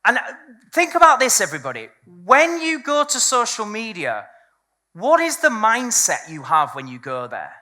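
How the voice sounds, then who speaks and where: Woman, seminar speaker, bright forceful tone, blunt, swears freely, live audience talk. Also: on the high side, huge pitch swings, moderate pace. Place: event room with a live audience.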